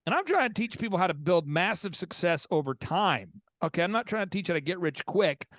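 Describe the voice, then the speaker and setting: A man's voice: sits high, sing-song, brisk, a bit bright, no room sound, clean studio sound. A man hosting a business coaching show, telling stories in an emphatic way and repeating words as he builds up a point. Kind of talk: animated storytelling.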